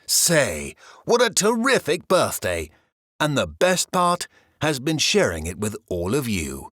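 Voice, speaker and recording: A man's voice: medium pitch, huge pitch swings, slow, a bit bright, no echo, clean studio sound, full character voice. A man voicing a friendly alley tomcat. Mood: cheerful.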